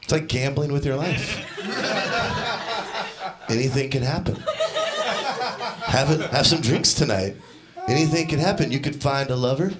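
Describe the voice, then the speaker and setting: A young man doing a stand-up comedy set on a club stage, deadpan, now and then shouting out the lines of the people in his stories. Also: medium pitch, moderate pace, pauses often, heavy background noise. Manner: deadpan, acts out quoted characters with shouted voices. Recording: live club set with crowd laughter. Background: audience laughter.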